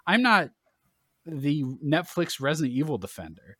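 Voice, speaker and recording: A man's voice: a little high, very animated, normal speed, sharp tone, slightly rough, dry recording, clean studio sound. A man co-hosting a casual podcast chat, opinionated and blunt, swearing now and then as he makes his case. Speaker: podcast co-host.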